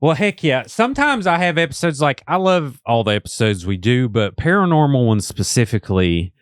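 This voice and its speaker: A man with a West Virginia accent hosting a casual studio podcast conversation, talking in a folksy, drawn-out way. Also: mid-range voice, big pitch swings, smooth, no room sound. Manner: folksy, talkative, drawn-out phrasing. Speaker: podcast host.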